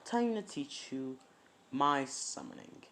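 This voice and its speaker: A man's voice: medium pitch, animated, takes it slowly, pushed and bright, full character voice. Jiraiya, a laid-back old ninja mentor, told by a man. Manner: casual, offhand retelling.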